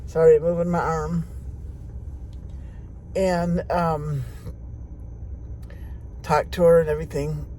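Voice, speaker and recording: A woman's voice: low-pitched, little pitch movement, slow, pauses often, mellow, slight background noise. An older woman telling a personal story in a folksy, chatty way, speaking directly to her viewers from inside a car.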